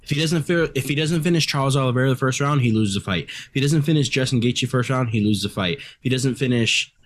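A man in casual podcast banter, animated and quick to mock others. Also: mid-range voice. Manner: animated, does mocking voices.

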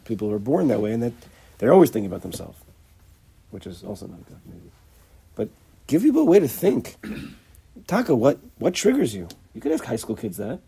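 A man with a very husky, gravelly voice gives an informal religious lesson. His tone is dark and mellow, and his pitch rises and falls a lot. He stumbles and repeats words, then acts out small exchanges as he teaches. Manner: halting, repeats words, acts out little dialogues. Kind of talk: informal Torah lecture.

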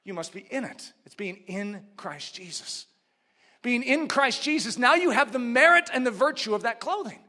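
High, bright-voiced preacher man. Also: expressive, normal speed. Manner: swings from loud shouted emphasis to hushed low asides; repeats phrases in rhythmic build-ups. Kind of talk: sermon.

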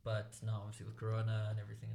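A man's voice: lowish voice, very fast, gravelly, slight background noise. A young man co-hosting a podcast, chatting casually with frequent "um"s, breaking into laughs now and then. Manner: relaxed, laughs often, hesitant fillers. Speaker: podcast co-host. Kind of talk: casual chat.

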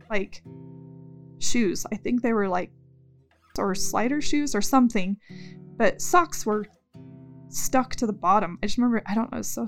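Woman telling her story, acts out the quotes, bit of guitar under it. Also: medium pitch. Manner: animated storytelling with quoted speech. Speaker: interviewee recounting events. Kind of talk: recorded interview recollection.

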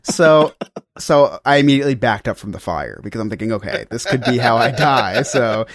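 Man, podcast co-host, casual storytelling, rambling, self-mocking, mid pitch, dry close sound. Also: lively intonation, moderate pace, dry recording.

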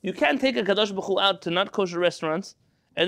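A man's voice: high voice, fast talker, gravelly, fairly bright tone. A man teaching a Torah class. He reads Hebrew lines, explains each one in English, and asks his listeners rhetorical questions.

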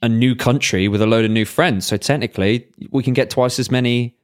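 A man's voice: mid-range voice, fairly even intonation, a little fast, clear, resonant tone. A man from England co-hosting a podcast, chatting casually with dry teasing humor. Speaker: podcast co-host. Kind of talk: casual chat.

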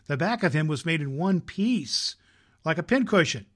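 A middle-aged man hosting as Santa, reading a storybook to children in a lively, jolly way. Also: fairly high pitch, normal speed. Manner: lively storyteller, jolly, laughs at own jokes. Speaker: Santa Claus host reading stories.

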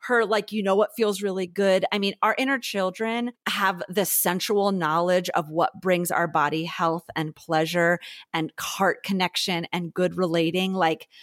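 A woman's voice: on the low side, fairly even intonation, unhurried, a bit bright, no room sound. Woman, podcast guest, effusive and earnest, dry close mic. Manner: effusive and heartfelt, repeats phrases for emphasis. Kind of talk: casual spiritual conversation.

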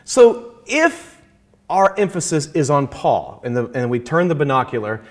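A man's voice: mid-range voice, lively intonation. Earnest man teaching on faith. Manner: earnest, measured, slows down to stress key phrases; quotes scripture, halting restarts. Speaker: Christian guest speaker.

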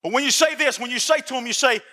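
High-voiced impassioned male preacher, hall echo. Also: fast, pushed and bright. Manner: impassioned, repeats phrases, addresses congregation directly. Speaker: pastor. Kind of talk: sermon. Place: church sanctuary. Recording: long church hall reverb.

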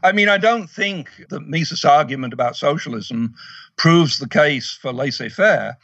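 Male guest, thoughtful and halting, slightly high voice, dull muffled remote line. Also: expressive, a bit bright, dry recording. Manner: measured, hesitant with many fillers. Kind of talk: casual economics discussion.

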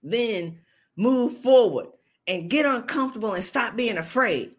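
A woman hosting a podcast, giving a motivational talk in an animated, playful, colloquial way. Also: a little high, moderate pace. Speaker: podcast host.

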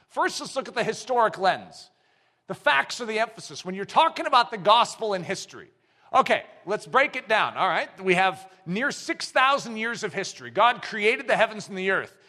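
Male pastor, high bright voice, emphatic sermon delivery that climbs to shouts, long church reverb. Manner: emphatic preaching that builds to shouts.

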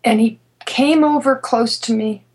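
A woman with a husky, breathy voice sitting fairly high in its register. She tells her own story in an interview, often stopping, restarting and repeating words as she goes, with a quick laugh here and there. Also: a little mellow, poor audio. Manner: earnest storyteller, laughs between sentences. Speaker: interview guest. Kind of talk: personal story in conversation.

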